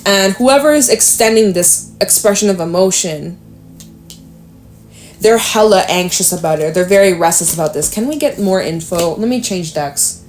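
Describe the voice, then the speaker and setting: Young woman doing a tarot reading, chatty, thinks out loud, middle pitch. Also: moderate pace, a little hiss or hum. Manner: chatty, thinking aloud, animated exclamations. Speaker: tarot reader. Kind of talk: casual tarot reading to camera.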